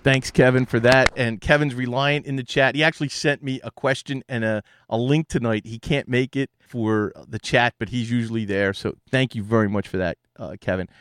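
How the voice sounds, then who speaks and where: A man with a Philadelphia accent hosts a podcast in an easygoing, chatty way, often restarting his sentences as he reads out and answers listener messages. His voice sits at an ordinary pitch. The recording is dry and close, with no room sound. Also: fairly even intonation, moderate pace, few pauses, a bit bright, dry recording. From Philadelphia, USA. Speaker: podcast host.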